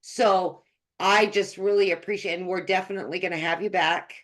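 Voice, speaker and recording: A woman's voice: on the low side, steady tone, moderate pace, a bit bright. A woman hosting a community video call, encouraging her guests and often repeating words. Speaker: community host.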